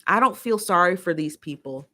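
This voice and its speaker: Livestream host, American woman with a lowish voice, opinionated and fed up, reads chat comments and rants. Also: expressive, moderate pace, sharp tone. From United States. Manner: opinionated, exasperated ranting with emphatic repetition. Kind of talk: casual livestream commentary, reading viewer comments.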